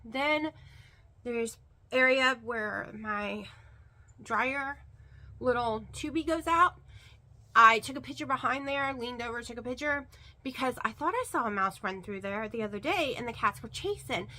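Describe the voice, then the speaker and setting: A woman vlogger chats to her camera in a high, bright voice. She rambles with fillers and repeats words for emphasis. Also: a little slow. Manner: rambling and chatty, with many fillers. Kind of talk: casual chat to camera.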